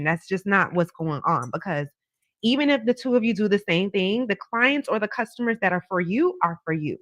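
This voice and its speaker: A woman's voice: mid-range voice, fairly bright tone, no room sound. A woman hosts a livestream, chatting casually and animatedly with viewers and answering their comments. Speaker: tarot reader livestream host. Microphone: camera on a stand.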